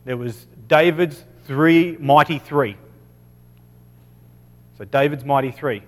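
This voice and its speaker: A man's voice: a little high, slow. A man with an Australian accent giving a casual Bible teaching, peppering it with "okay" and correcting himself as he goes. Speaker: preacher. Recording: long reverb of a hall.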